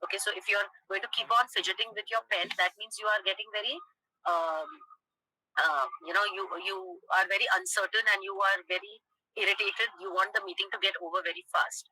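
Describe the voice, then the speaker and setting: A woman teacher lecturing a class, checking in with "okay?" and pausing on "uh". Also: mid-range voice, steady tone, sharp tone, breathy edge, no room sound, poor audio. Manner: explains with frequent "okay?" check-ins and "uh" pauses.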